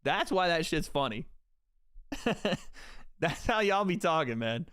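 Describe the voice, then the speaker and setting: A man's voice: fairly high pitch, sing-song, measured pace, a bit bright, clear, resonant tone, no room sound, studio quality. A young man hosting a livestream, joking and swearing casually as he talks to his chat. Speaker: streamer host.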